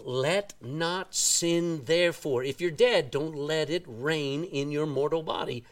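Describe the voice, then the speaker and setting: A man with a Texan accent preaches in church in a folksy, lively style. His pitch rises and falls widely, and he slows down to stress key phrases. His voice comes from a short distance off the mic. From Texas. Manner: animated, folksy preaching with drawn-out emphasis. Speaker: pastor. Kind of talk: sermon.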